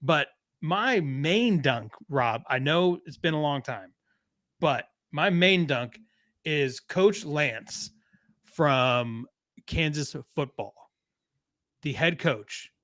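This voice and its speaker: A man's voice: a little high, animated, slow, fairly bright tone, dry recording, studio quality. A man from Texas, co-hosting a podcast and ranting in a casual, profane, joking way about sports. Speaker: podcast co-host.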